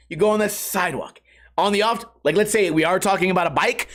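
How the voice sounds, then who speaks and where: A man hosting his own podcast, telling a story in a casual rant, animated and profane, with comic quoted voices. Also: sits high, fast. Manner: profane, comedic. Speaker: podcast host.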